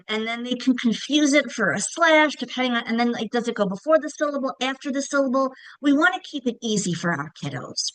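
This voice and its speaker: A woman giving a casual, clear instructional presentation on reading, stretching example words to show emphasis. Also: a little high, no echo, rough recording. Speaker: literacy teacher trainer.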